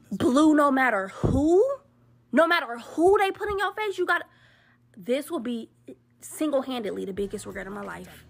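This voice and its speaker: A woman's voice: a little high, creaky, fairly bright tone. A woman giving a blunt, exasperated political commentary rant in casual slang.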